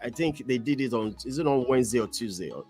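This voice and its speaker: A man's voice: medium pitch, animated, fast talker, mellow, faint music behind. A man, hosting a sports talk show, moderating and reading out lists conversationally. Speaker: host.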